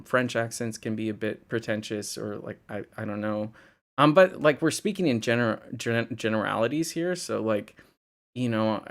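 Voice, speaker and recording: On a livestream, a young man from Indiana rambles casually, laughing and swearing as he reads chat. His voice sits on the low side and has a creak to it.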